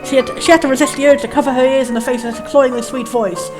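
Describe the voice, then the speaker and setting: A woman's voice: sits high, fairly even intonation, fast talker. A woman casually commenting on a video game, reading its text aloud and rambling through puzzled questions. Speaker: let's play host. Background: faint game music.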